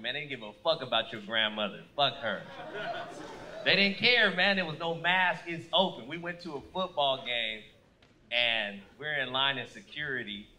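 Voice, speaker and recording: A man doing a stand-up comedy set on a club stage, loud and animated, shouting his punchlines into a handheld mic. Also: mid-range voice.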